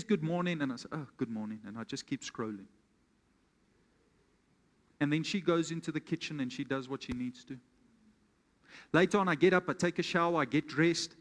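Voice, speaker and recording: A man's voice: fairly high pitch, a bit bright. A man preaching a sermon as pastor, calling out questions to his congregation and telling an everyday story as an example. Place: church hall with congregation. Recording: long reverb of a church hall.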